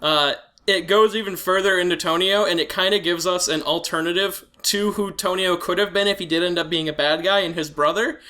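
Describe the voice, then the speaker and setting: Bright, high-voiced young man cursing freely. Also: steady tone, a little fast, few pauses. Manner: profane, enthusiastic fan talk. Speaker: podcast guest. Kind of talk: casual chat.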